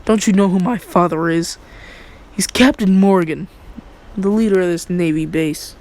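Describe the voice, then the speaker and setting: A man's voice: high voice, moderate pace, darkish tone. A man voicing a bratty, spoiled young bully who talks arrogantly and makes threats. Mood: smug threat.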